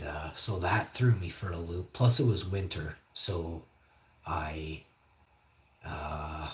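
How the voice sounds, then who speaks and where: A man casually telling a rambling personal story, full of fillers and casual swearing. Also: low-pitched. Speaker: podcast host. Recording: echoey room.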